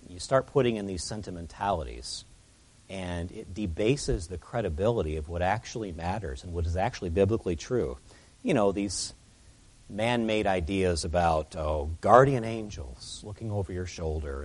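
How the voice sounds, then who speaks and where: A man's voice: low-pitched, normal speed, darkish tone. A man preaching an expository sermon as pastor, earnest and emphatic, his voice rising and falling as he presses his points.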